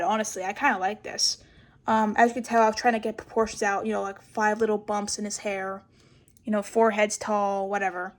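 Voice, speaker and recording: A woman's voice: mid-range voice, flat delivery, fairly quick. A young woman giving a casual, rambling sketchbook tour, swearing a lot and mocking herself. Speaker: vlogger.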